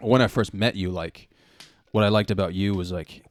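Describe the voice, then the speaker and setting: A man hosting a podcast talks in a very low voice, loose and laid-back, with plenty of swearing. The recording is dry and close to the mic. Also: moderate pace, no echo. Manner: laid-back, swears a lot, says "dude" often. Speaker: podcast host. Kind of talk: casual podcast chat.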